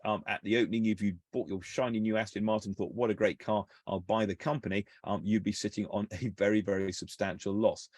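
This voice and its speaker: A man's voice: lowish voice, no room sound. A man co-hosting a show, explaining company finances in a casual, hesitant way with many fillers and restarts. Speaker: co-host analysing company finances.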